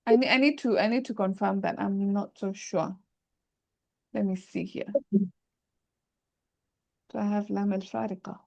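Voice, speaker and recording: A woman's voice: medium pitch, steady tone, measured pace, creaky, long pauses, a little mellow, dull audio. A woman teaching Arabic grammar in an online class, thinking aloud and often checking that students follow. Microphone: video call.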